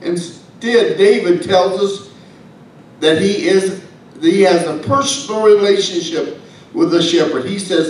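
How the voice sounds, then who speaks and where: A man with a high voice delivers a folksy, humorous sermon, turning to the congregation with asides. He sounds far from the mic, and the church echoes heavily around him over a faint low rumble. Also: a little slow. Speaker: pastor. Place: church sanctuary.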